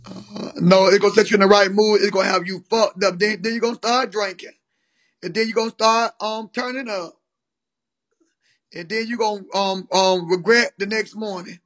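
A man with a high voice joins a casual livestream call. He teases and talks bluntly, in loose slangy speech. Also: fairly even intonation, moderate pace, fairly bright tone. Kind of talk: casual chat.

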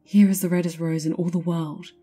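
A woman voicing an eager, self-absorbed young male student who speaks in an excited, lofty way. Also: on the low side, normal speed, soft background music, natural voice.

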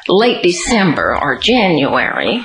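A woman giving an oral history interview, telling her memories in an unhurried, storytelling way with occasional light laughs. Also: low-pitched, wildly swooping pitch, fairly bright tone, reverberant, slight background noise, rough recording.

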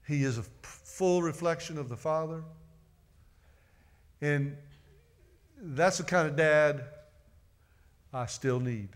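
A man's voice: fairly high pitch, slow pace, long pauses. A middle-aged man preaching a sermon in a church, earnest and repeating phrases for emphasis. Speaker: pastor. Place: church sanctuary.

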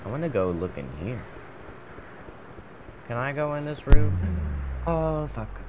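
A man's voice: mid-range voice, expressive, unhurried, noisy background. A man commenting on a horror game he plays, mumbling and hesitant as he talks to himself. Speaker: gaming youtuber.

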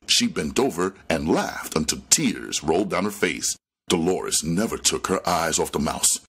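A man reading a crime novel aloud with expressive storytelling narration. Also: extremely low pitch, breathy edge. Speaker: audiobook reader.

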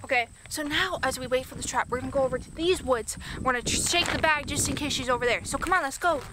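A woman vlogging outdoors, excitedly calling out as she hunts for a lost toy llama. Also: high voice, fast talker, background noise. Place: outdoors in woods.

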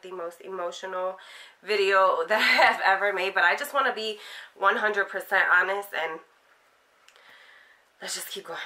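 A woman's voice: medium pitch, sharp tone. A young woman from Philadelphia telling a candid personal story to camera, emotional and heartfelt, rambling with fillers. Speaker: vlogger.

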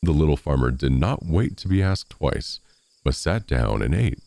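Deep gravelly male narrator for fairy tales, very lively delivery, dark dry voice. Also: moderate pace, no echo. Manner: expressive, animated storytelling. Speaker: storyteller. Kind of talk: fairy tale reading.

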